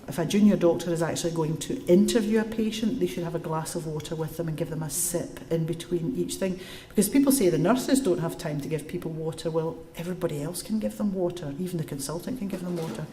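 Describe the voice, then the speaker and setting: A woman's voice: lowish voice, fast, hardly any pauses, a little hiss or hum. A woman giving a public lecture to a live audience and answering questions, telling stories and explaining step by step. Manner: lively storytelling, explains step by step. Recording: echoey room.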